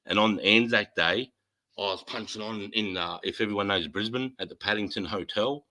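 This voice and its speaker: An Australian man spins a rough, profane yarn with lots of energy. His voice sits a little low yet cuts through bright and forceful. He talks loosely and casually, like someone sharing stories with a mate. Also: moderate pace, rough recording. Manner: animated, swears heavily. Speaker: host. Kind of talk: casual chat, storytelling.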